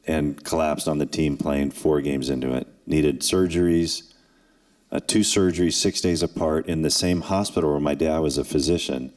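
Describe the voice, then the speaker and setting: A man in his sixties speaks at a forum for students in a deep, low voice. He tells his story in an earnest way, with dramatic pauses and acted quotes. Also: a little mellow. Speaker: former NFL kicker and forum speaker. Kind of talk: emotional personal storytelling to students. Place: event hall.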